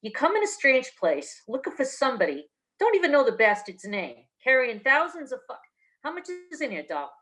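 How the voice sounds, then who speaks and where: A woman's voice: high voice, wildly swooping pitch, normal speed, a bit bright, voice pushed up, heavily acted. A woman reading aloud voices a sarcastic, demanding male bartender in a noir story. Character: gruff sarcastic bartender man.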